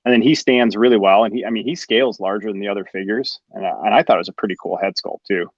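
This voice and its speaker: A man's voice: lowish voice, fairly even intonation, fast talker, no room sound, highs cut off. A man hosting a live show in casual chat, enthusiastic and reading out viewer comments. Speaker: host of a live collectors' show.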